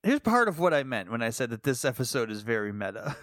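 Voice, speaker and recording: A man's voice: mid-range voice, sing-song, quick pace, a bit bright, no echo, clean studio sound. A man co-hosting a podcast, talking casually and giggling between remarks. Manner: giggly, chatty, trails off often. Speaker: podcast co-host. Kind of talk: casual chat.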